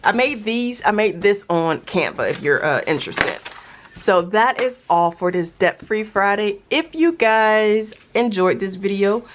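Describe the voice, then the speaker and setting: Against a noisy background, a budgeting vlogger with a mid-range voice sounds animated yet unhurried. She casually tells the camera about paying off her debt, thinking aloud, restarting, laughing a little, and hiccuping slightly.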